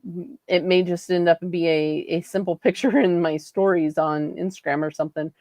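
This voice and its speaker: A woman's voice: on the low side, fairly even intonation, moderate pace, darkish tone, no room sound. A woman co-hosting a casual podcast as a health coach, speaking in an easygoing, agreeable way with frequent "um" and "right?".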